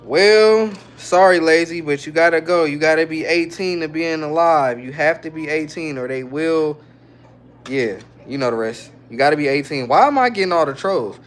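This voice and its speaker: With a voice on the high side and a moderate pace, a man hosts a relaxed live stream, where a little hiss or hum can be heard. Reading the chat aloud, he answers his viewers in casual slang.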